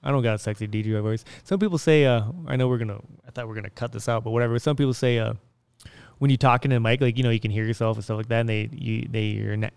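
Smooth-voiced rambling podcast host, a man. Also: mid-range voice, steady tone, racing, darkish tone, no room sound. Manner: rambling, restarts sentences often. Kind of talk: casual chat.

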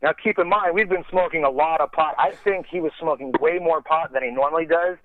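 A man telling a long story in a loose, rambling way, swearing often and laughing at himself. His voice sits a touch high. The sound is dry and tinny, like a phone call. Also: fairly quick, no room sound. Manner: rambling, profane, self-deprecating, heavy use of "like". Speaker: podcast guest storyteller. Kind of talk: casual storytelling.

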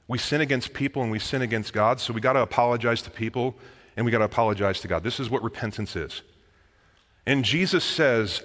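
A man preaching a sermon as pastor, in a lively, conversational manner that often addresses the listeners as guys. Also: medium pitch. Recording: long reverb of a large hall.

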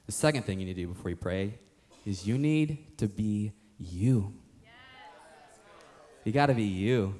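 A man's voice: mid-range voice, moderate pace, darkish tone. A young man preaching a sermon as a young adults pastor, casual and joking, often acting out other people's voices.

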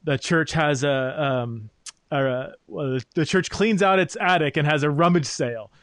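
A man's voice: fairly high pitch, normal speed, a bit bright, no room sound. A man hosting a podcast, talking through ideas in a thoughtful, searching way with many fillers. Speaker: podcast host. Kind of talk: interview conversation.

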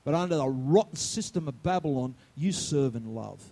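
A male senior pastor giving a sermon, animated, swinging from loud outbursts to quiet asides and asking the congregation questions. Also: medium pitch, moderate pace, gravelly.

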